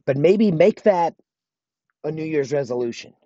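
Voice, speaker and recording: His voice is a little high, warm, and lively in intonation, at a normal speed, on a lo-fi recording with no room sound. He's a married adult hosting his own podcast alone, delivering an earnest, motivational monologue and repeating phrases to drive points home.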